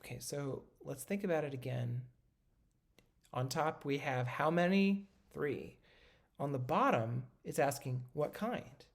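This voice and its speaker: Instructor talking through notation on video, relaxed and halting, with a fry in the voice. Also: mid-range voice. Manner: casual and patient, many ums and self-corrections. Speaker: music instructor. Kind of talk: recorded lecture, talking while drawing notation.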